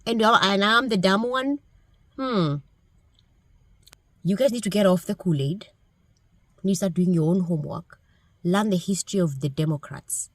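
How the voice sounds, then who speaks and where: A woman's voice: mid-range voice, normal speed, pauses often, dry recording. A woman from Kenya, giving blunt, scolding political commentary straight to camera.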